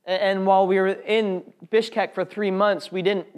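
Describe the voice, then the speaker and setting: A man's voice: sits high, level tone, normal speed, a little mellow, smooth. A man telling an audience his personal faith testimony in an earnest, heartfelt way. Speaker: speaker sharing a testimony.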